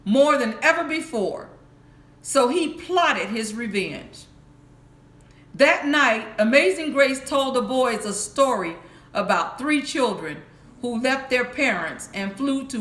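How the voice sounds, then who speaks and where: A woman reads a bedtime story for adults in a slow, measured way and sometimes stops to correct a word. Her voice sits a little high. The sound rings in an echoey room. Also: fairly bright tone. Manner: slow, careful reading with small restarts.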